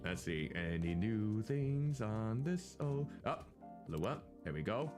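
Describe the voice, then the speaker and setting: A man's voice: fairly low pitch, big pitch swings, a little slow, over music. A young man chatting casually while playing a story game with friends, playful and fond of puns, breaking into hummed nonsense tunes. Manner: playful, punning, hums and sings nonsense. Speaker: streamer voicing game characters. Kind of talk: casual let's-play chat.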